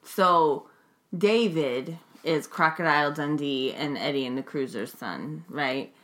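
A woman's voice: sits low, slow, a bit bright. A woman co-hosting a casual movie-recap chat, giggly and rambling with many fillers. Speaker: podcast co-host.

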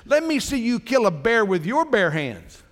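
A man's voice: extremely high pitch, very animated, moderate pace, a bit bright, in a large hall. A man pastor preaching a sermon, emphatic, climbing into fervent exhortation.

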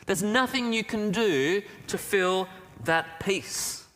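A man's voice: high-pitched, takes it slowly. A man preaching a sermon in a conversational storytelling manner, with a personal anecdote and a prayer. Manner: conversational storytelling, animated when excited. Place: church. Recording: church hall reverb.

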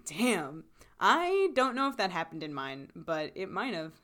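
A woman's voice: on the low side, very animated, unhurried, a bit bright. A young woman co-hosting a casual recap chat, talking in a loose, chatty way with many fillers and frequent laughter. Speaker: podcast co-host.

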